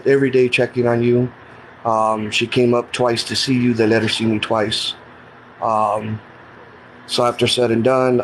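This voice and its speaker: Middle-aged man, earnest and plain-spoken, mid-pitched voice, telling his own story, faint hiss behind. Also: rough recording. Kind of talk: casual personal storytelling.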